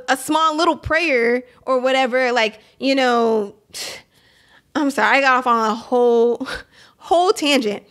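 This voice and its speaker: A woman's voice: high voice, a bit bright. A woman in her thirties giving an impassioned, earnest faith talk to camera, laughing often and filling her speech with "like". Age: 30s. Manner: impassioned, laughing, heavy use of "like". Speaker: Christian vlogger.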